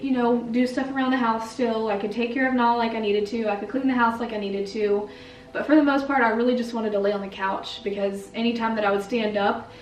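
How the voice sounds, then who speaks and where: Speaking to camera at home, this woman in her twenties is a vlogger chatting casually and candidly, filling her talk with "like." Her voice is on the high side and sits far from the mic. Faint music plays in an echoey room, and she's slightly off-mic.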